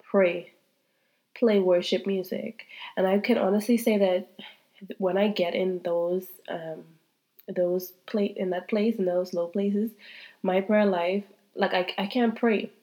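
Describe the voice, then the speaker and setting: Speaking slowly in a warm, medium-pitched voice with fairly even intonation, a woman in her thirties hosts a faith-based podcast. She is candid and heartfelt, repeats her points, talks directly to listeners, and still sounds congested from a cold.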